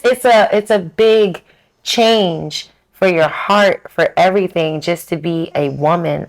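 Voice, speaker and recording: A woman's voice: low voice, vocal fry. A woman talking candidly as an interview guest, telling stories with animation and acting out her own past words. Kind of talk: candid casual chat.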